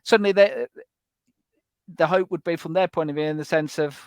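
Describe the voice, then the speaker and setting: A podcast host with a fairly high voice builds his questions slowly, restarting and repeating words along the way. His sound is dry and close, with no room echo. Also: vocal fry, smooth. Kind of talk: interview questions.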